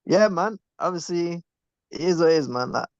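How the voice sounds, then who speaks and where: A young British man hosting a casual group call, brisk and prompting, now and then mimicking other people. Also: on the high side, expressive, no echo. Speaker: class host. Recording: dull lo-fi audio.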